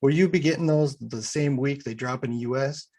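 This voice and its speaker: A man from the United States, the podcast host, asks thoughtful interview questions in a relaxed way. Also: medium pitch, a little fast.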